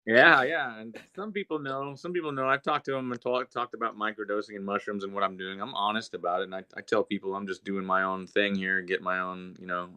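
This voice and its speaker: A man's voice: on the low side, fairly even intonation, fairly quick, hardly any pauses, pushed and bright, clean tone, no echo. Young guy on a podcast, rambling along, lots of "like" and "uh", easygoing storyteller. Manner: laid-back rambling with many fillers. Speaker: podcast host. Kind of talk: casual storytelling chat.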